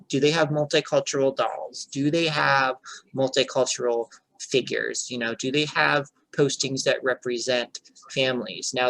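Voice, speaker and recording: A man, a childcare director, giving an earnest, explanatory online workshop over a video call and pausing to check for questions. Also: mid-range voice, a bit bright, no room sound, low-quality recording.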